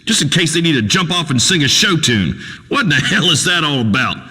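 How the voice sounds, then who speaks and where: A crude, pompous radio host, booming through a long hall reverb. His voice rides high and bright, swinging up and down as he blusters in folksy broken grammar. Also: big pitch swings, a little fast, husky, heavily acted. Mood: ranting. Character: crude redneck male talk radio host. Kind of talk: comedic radio talk show acting.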